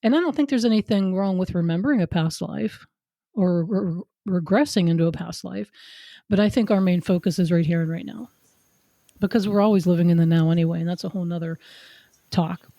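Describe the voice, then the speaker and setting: A woman podcast host speaking in a calm, reflective conversational way. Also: fairly low pitch, fairly quick, dry recording, clean studio sound.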